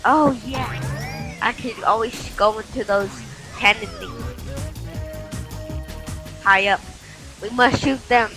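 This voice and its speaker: A young woman giving excited gameplay commentary, yelping and shouting at the game as she plays. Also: on the high side, slow pace, pauses often. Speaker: gamer. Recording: faint game music behind.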